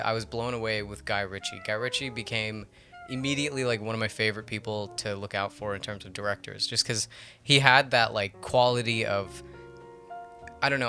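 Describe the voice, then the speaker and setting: A man's voice: medium pitch, bright, forceful tone. A man hosting a casual podcast chat about films, rambling through tangents and laughing often. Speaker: podcast host. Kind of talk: casual movie-discussion chat.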